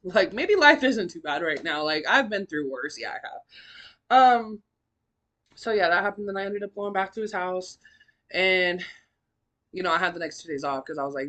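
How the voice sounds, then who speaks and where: A young woman hosting a podcast, telling her own story in a blunt, profane, animated way with big swings in pitch and loudness. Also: moderate pace. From California. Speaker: podcast host. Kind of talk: candid personal storytelling.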